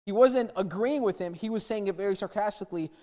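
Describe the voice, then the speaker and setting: A man preaching a sermon, retelling a Bible story in an animated way and acting out the quotes. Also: high-pitched, fast, long reverb tail. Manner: animated storytelling, acts out quotes, repeats words.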